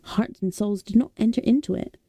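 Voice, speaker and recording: A woman reading a novel aloud as a soothing bedtime read-aloud, softly and slowly. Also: mid-range voice, dry recording. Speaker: audiobook reader.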